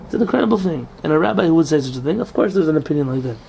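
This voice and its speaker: A man's voice: fairly high pitch, lively intonation, very fast, gravelly, warm tone, slightly rough. A man teaching an informal religious law class as rabbi, explaining with rhetorical questions and Hebrew terms.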